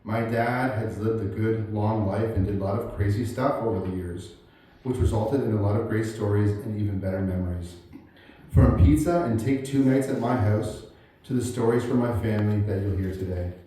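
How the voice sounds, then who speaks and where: A man's voice: lowish voice, warm tone. Man in his forties at a eulogy, echoey hall. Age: 40s. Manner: halting, with frequent fillers and chuckles. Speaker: grandson giving a eulogy. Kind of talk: eulogy, reading family memories aloud. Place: large hall at a memorial gathering. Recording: very echoey hall, voice heard from far off, faint room noise.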